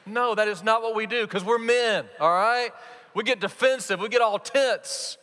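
A man preaching a sermon as pastor, animated and playing out quoted voices. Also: high-pitched, moderate pace, slight background noise. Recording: reverberant hall.

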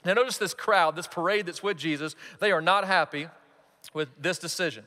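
Animated high-voiced male pastor preaching. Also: fairly quick. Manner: animated, acts out quoted voices. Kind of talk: sermon. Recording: reverberant hall.

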